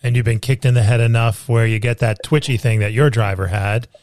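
A man co-hosts a casual chat, dropping short wisecracks and questions at an ordinary middle pitch. He sounds relaxed and conversational. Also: a little fast, no room sound, clean studio sound. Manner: wisecracking interjections.

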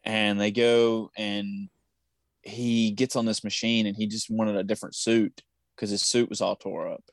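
A man's voice: lowish voice, flat delivery, a little slow, gravelly, no echo. A man with a Southern US accent chatting casually on a podcast, rambling and trailing off mid-thought. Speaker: podcast co-host. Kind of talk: casual chat.

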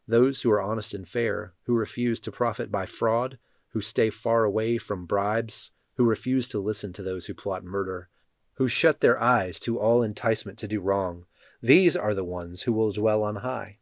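A man reading Bible passages and leading a prayer in a measured, solemn way. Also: lowish voice, dry recording. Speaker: scripture reader.

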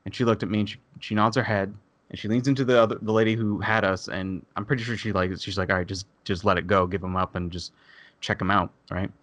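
Low-voiced man telling a story. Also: fast talker, no echo. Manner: animated, swearing, acts out quoted people. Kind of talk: casual storytelling chat.

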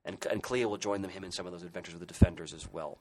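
Man, low voice, podcast co-host, eager casual talk, faint background noise. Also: fairly even intonation, rapid-fire. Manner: enthusiastic, hesitant restarts and fillers.

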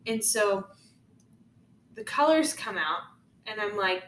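Her medium-pitched voice moves slowly with frequent pauses as this young woman, a podcast co-host, chats through an animated story full of "like." There's echo from the room and some faint noise.

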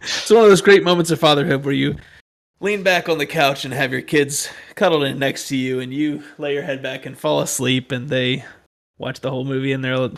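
A man in his thirties talks in a loose, joking way, making fun of himself. His voice sits at an ordinary pitch, and he is chatting with friends as a returning guest. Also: steady tone, fairly quick, a bit bright. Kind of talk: casual chat.

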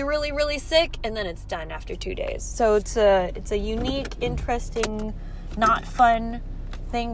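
A woman's voice: fairly high pitch, a little hiss or hum. A woman in her thirties telling a casual, rambling story, full of fillers and swearing. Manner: rambling, profane and animated, with many fillers. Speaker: vlogger.

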